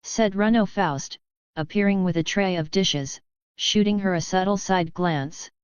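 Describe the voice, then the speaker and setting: A woman reading a web novel aloud as an audiobook narrator, in a steady, even voice with little acting between the figures. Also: lowish voice, measured pace, clear, resonant tone, dry recording, lo-fi sound.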